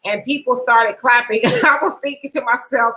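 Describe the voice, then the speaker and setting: Middle-aged woman w reading comments on a stream, kinda high bright voice, laughs a lot. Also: moderate pace, low-quality recording. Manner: laughs often, reads comments aloud with asides. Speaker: livestream host reading viewer comments. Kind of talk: casual chat.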